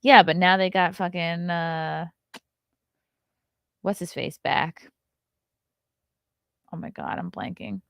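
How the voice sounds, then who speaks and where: A woman's voice: fairly low pitch, fairly even intonation, takes it slowly, creaky, pauses often, no echo, studio quality. A young adult woman hosting a casual morning talk show, reading news items aloud and breaking in with blunt, swearing asides. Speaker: podcast host.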